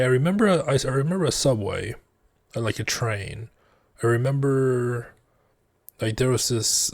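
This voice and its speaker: A man's voice: medium pitch, vocal fry, no room sound, clean studio sound. A man giving casual reaction commentary as a vtuber, rambling and thinking aloud with many fillers.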